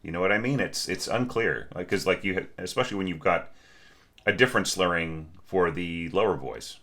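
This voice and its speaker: A man with a low voice and a crisp, forceful edge critiques a student's score in a relaxed, talky way. He sings little phrases aloud to show articulations. He is blunt, then quickly apologetic. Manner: chatty, apologetic, frequent fillers; direct, critical feedback. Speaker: orchestration teacher reviewing scores.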